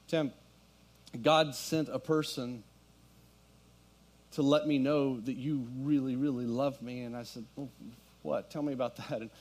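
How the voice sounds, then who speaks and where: A man's voice: mid-range voice, a little mellow. A middle-aged man, a pastor, telling a story and preaching a sermon to his congregation. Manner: storytelling, builds to fervent preaching. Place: church sanctuary with congregation.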